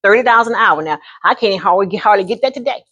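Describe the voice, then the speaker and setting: A woman in her sixties telling a personal story to camera in an animated, folksy way, often calling the listener honey. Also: mid-range voice, fast talker, slightly rough, dull audio. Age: 60s. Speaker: vlogger.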